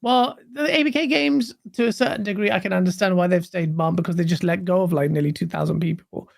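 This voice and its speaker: A gaming stream co-host ranting casually, animated, swearing and laughing often. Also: medium pitch, fast, vocal fry, dry recording, studio quality.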